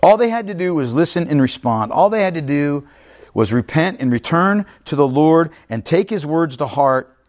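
A man with a somewhat high-pitched voice delivers a sermon. He preaches emphatically but conversationally, frequently pausing to check in with his listeners. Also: expressive. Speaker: pastor.

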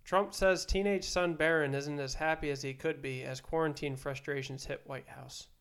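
A man's voice: a little high, fairly even intonation, normal speed, fairly bright tone, clear, resonant tone. A man co-hosting a casual podcast, reading news headlines aloud as a teasing quiz-master. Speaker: podcast co-host.

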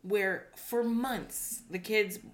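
A woman co-hosting a podcast in casual chat, sarcastic and quick to laugh. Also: mid-range voice, fairly even intonation. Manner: sarcastic, laughs often, puts on silly voices. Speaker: podcast co-host.

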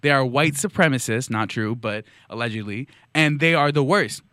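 A man's voice: mid-range voice, normal speed, fairly bright tone, no room sound, studio quality. A man hosting a podcast, delivering a mock-outraged, sarcastic comedic monologue. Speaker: podcast host.

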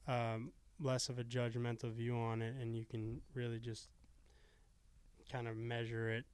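Smooth, even-toned young man. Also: mid-range voice, measured pace. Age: 20s. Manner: earnest, reflective, swears casually. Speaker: podcast guest. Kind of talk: casual podcast chat.

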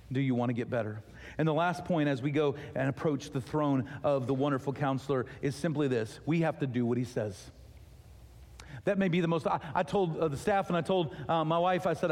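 A pastor delivering a sermon, telling a story with lively acted-out dialogue. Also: male voice, fairly high pitch. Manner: animated storytelling, acting out dialogue. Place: church auditorium. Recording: long reverb of a large hall.

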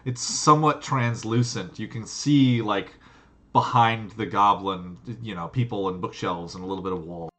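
A man's voice: fairly low pitch, moderate pace, fairly bright tone. Rambling man running a tabletop game. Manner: loose and rambling, full of fillers. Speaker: game master. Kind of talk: narrating a tabletop game over a video call.

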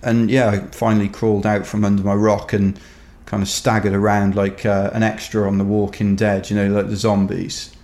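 A man's voice: fairly low pitch, completely flat delivery, normal speed, darkish tone. A Welsh man telling a rambling, wry story in casual chat, dotted with "kind of" and "you know". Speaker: ultrarunner guest. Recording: roomy echo.

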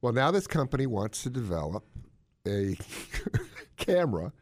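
Animated man explaining health news. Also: unhurried. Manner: animated, jokey, swoops up in pitch for emphasis. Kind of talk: casual chat.

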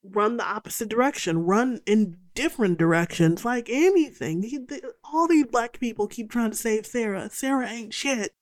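A woman's voice: normal speed, few pauses, dry recording. Sarcastic woman ranting through a film recap. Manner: exasperated, sarcastic, swears freely; lively, jumps to high exclamations. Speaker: podcast host recapping a film.

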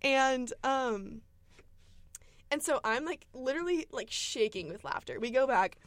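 A woman's voice: sits high, lively intonation, a little slow, dry recording. A young woman, telling a funny story as a podcast co-host and laughing often. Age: young adult. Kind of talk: casual storytelling chat.

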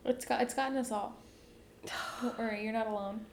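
A young woman chats on a podcast with eager enthusiasm. She throws in quick jokes and casual swearing as she talks. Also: a little high, steady tone, darkish tone, a little hiss or hum. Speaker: podcast co-host. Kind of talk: casual chat.

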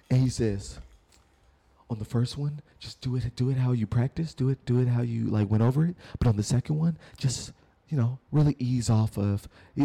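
A man's voice: medium pitch, vocal fry, warm tone. A young man co-hosting a podcast, telling a story in loose, slangy casual chat. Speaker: podcast co-host.

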